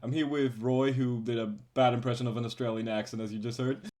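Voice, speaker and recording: A man's voice: medium pitch, fairly even intonation, fast, a little mellow. A young man hosting a casual podcast, laid-back and swearing now and then as he explains how things work. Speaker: podcast host.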